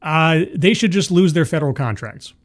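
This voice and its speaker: A man's voice: on the high side, animated, moderate pace. A man hosting a casual livestream, greeting viewers by name, reading news aloud and giving blunt opinions. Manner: chatty, reads news aloud and comments bluntly. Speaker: livestream host. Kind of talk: casual live commentary.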